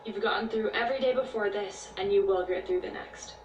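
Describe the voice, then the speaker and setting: A woman's voice: medium pitch, fairly quick, highs cut off. A woman narrates with earnest encouragement, her voice sitting in a middle register. She sounds distant from the mic in a roomy space with faint noise. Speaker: storyteller. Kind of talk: reflective story narration. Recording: echoey, distant, slight noise.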